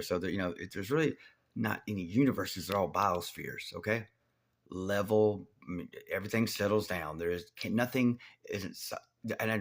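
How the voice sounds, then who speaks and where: A man talking alone to the camera in a rambling monologue, halting with many restarts and swearing, growing loud and heated. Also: fairly low pitch, vocal fry, husky. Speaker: video host.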